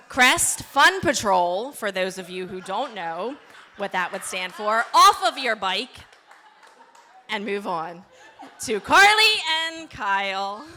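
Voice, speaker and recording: A woman's voice: mid-range voice, sharp tone, a little hiss or hum. A woman giving a playful, teasing matron of honor toast at a wedding reception.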